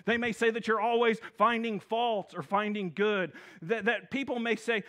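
A male minister delivers a sermon in a church sanctuary. His voice sits high for a man, and he preaches with eager energy, calling out to the congregation for responses. He often repeats himself and restarts his phrases as he goes. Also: steady tone, fairly quick, hardly any pauses, a bit bright.

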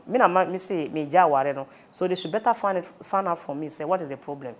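A woman's voice: fairly low pitch, quick pace, few pauses, darkish tone. A woman with a Ghanaian accent recounting a painful personal story, mixing Twi and English. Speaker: interviewee. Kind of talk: emotional personal testimony.

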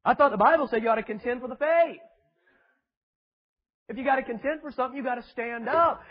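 A man's voice: extremely high pitch, husky, muffled recording. A man preaching a fiery sermon to a congregation, emphatic and full of rhetorical questions and mocking asides. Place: church before a congregation.

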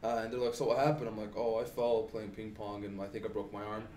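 A man's voice: on the low side, level tone, fast, a little mellow, slight background noise. Casual male podcast co-host, rambling storyteller, recorded in an echoey room at a distance. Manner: rambling, heavy on "like" and "um". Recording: roomy, distant mic.

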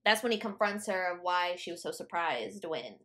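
A woman co-hosting a podcast, chatting casually about a book with animated, outspoken reactions. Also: lowish voice, moderate pace. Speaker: podcast co-host. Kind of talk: casual book-recap chat.

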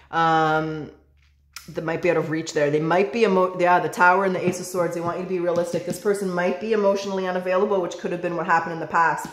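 A woman giving a casual tarot reading, chatty, calling the viewer baby and swearing now and then. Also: medium pitch. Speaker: tarot reader. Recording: roomy echo.

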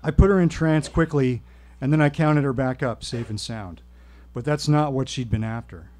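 A man telling a personal story at a live reading, with wry, deadpan humor. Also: mid-range voice, normal speed. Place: stage at a live show.

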